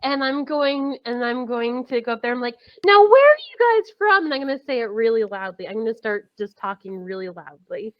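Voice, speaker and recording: A woman playing a tabletop game, playful and animated. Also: a little high, fairly quick, few pauses, no echo, dull audio. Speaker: player.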